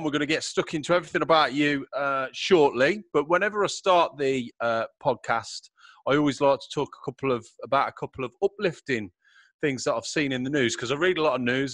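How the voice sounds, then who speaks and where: A man's voice: mid-range voice, fairly bright tone, no room sound. Middle-aged guy hosting his podcast, joking and swearing, dead dry close sound. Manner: chatty and swearing, laughing easily. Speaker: podcast host. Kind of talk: casual podcast chat. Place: home room called a man cave.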